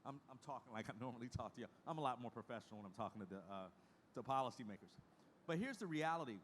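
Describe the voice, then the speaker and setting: A man's voice: medium pitch, animated, very fast, a little hiss or hum. A middle-aged man giving a conference presentation in a folksy, emphatic way, repeating key phrases for emphasis. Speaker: conference speaker.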